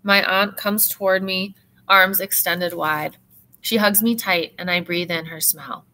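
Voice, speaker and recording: A woman teacher reading a novel aloud in steady, expressive first-person narration. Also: fairly low pitch, a little slow.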